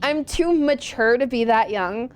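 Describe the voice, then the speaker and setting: A young adult woman streaming a video game, chatting casually and reacting out loud to the game and her chat. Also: a little high, measured pace, over music. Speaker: VTuber streamer.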